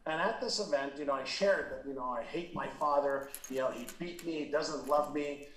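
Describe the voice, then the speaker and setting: A man's voice: mid-range voice, moderate pace, a bit bright, roomy sound, recorded from a distance, a little hiss or hum, rough recording. A middle-aged man from Israel telling a personal story in a candid interview, earnest and emotional, with frequent fillers and restarts. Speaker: interview guest.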